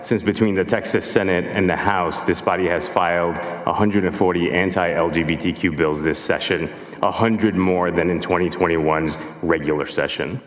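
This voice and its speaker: Deep-voiced man giving forceful testimony. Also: fairly even intonation, normal speed. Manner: forceful, pleading advocacy. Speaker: public witness testifying. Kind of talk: prepared testimony read aloud. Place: large legislative hearing room. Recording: echoey hall with long reverb.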